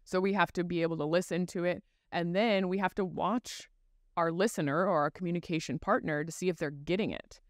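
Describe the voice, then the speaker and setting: A woman's voice: lowish voice, fairly quick, no room sound, studio quality. A woman who is a guest expert on child speech, explaining step by step in a podcast interview and acting out examples as she goes.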